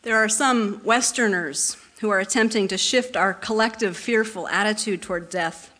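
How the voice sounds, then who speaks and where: A woman giving scripted informational narration in an even, explanatory manner. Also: medium pitch, normal speed.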